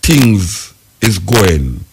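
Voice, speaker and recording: Jamaican man, radio talk host, gravelly voice, patois, argumentative. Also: low voice, very animated, extremely slow.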